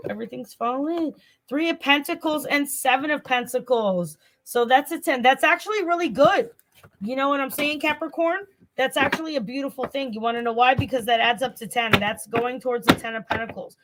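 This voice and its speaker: A woman with a Southern US accent hosts a casual tarot reading stream, talking straight to her viewers and repeating herself along the way. Her voice sits high and moves fairly quickly, and the recording is very noisy.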